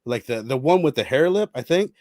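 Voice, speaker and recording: A man co-hosting a casual film podcast, talking in an animated way and playfully quoting lines. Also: medium pitch, a little fast, no echo, studio quality. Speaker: podcast co-host.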